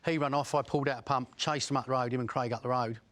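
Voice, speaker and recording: A middle-aged man, a former criminal giving a blunt, profane account of his past, pausing often with fillers. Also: mid-range voice, steady tone, a bit bright, no echo. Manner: blunt, profane storytelling with frequent pauses and fillers. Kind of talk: first-person recollection.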